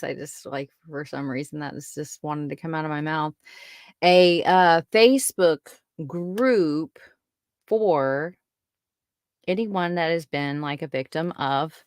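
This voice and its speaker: A woman's voice: sits low, dry recording, clean studio sound. A young adult woman hosting a podcast, giving a casual spoken update in a rambling, giggly way that keeps interrupting itself. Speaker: podcast host.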